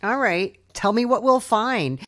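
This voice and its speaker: Expressive woman interview host. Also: on the high side, measured pace.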